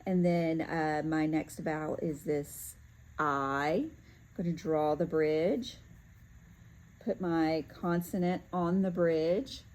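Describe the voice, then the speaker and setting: A woman teaching a lesson, talking through each step calmly as she works, with occasional fillers and self-corrections. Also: deep voice, slow pace, poor audio. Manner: talks to herself while working through steps, with fillers. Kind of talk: step-by-step classroom demonstration.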